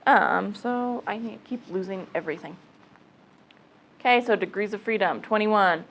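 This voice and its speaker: A woman's voice: mid-range voice, normal speed, fairly bright tone, a little hiss or hum, low-quality recording. Chatty woman teaching a math class. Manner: casual, chatty, thinks aloud, says okay often. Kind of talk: classroom lecture. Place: classroom with students.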